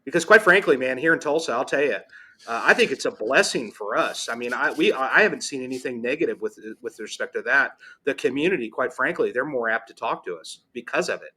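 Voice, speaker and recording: Male host, mid pitch, bright tone; casual, frank questioner. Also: animated, fairly quick, breathy edge. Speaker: podcast host. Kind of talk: casual interview talk.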